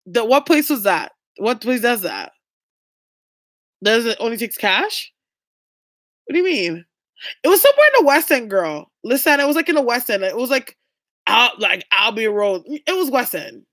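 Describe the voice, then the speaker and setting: A woman's voice: a little high, very animated, moderate pace, pauses often, fairly bright tone, dry recording, studio quality. A young woman vlogging, telling a story to her viewers in a blunt, chatty way and swearing freely.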